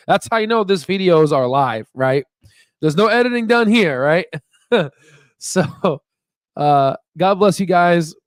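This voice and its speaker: A man's voice: on the high side, dry recording, studio quality. A man hosting a casual live stream about stocks, rambling and upbeat with lots of fillers and "you know what I mean.". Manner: upbeat and chatty. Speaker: stock market channel host.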